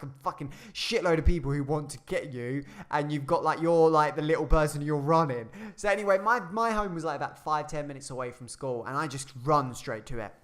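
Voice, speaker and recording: A young man telling a rambling, sweary personal story in a casual storytime. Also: on the high side. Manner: rambling, sweary, animated retelling.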